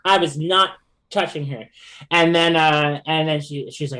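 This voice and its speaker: A man appears as a podcast guest, sharing a personal story in relaxed conversation. He's animated and laughs often, with lots of fillers and restarts, his voice slightly high and his pace measured.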